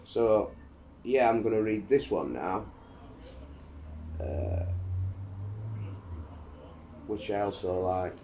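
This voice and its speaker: A man's voice: fairly low pitch, lively intonation, slow, pauses often, dark tone, a little hiss or hum. A man reading from a history book aloud in a casual, chatty way, rambling with fillers and restarts between passages.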